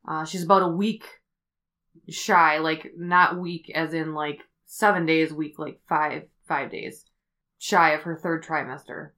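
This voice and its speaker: A woman hosting a podcast, telling a story in a casual, rambling way with many fillers as she thinks out loud. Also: sits low, steady tone, unhurried. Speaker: podcast host.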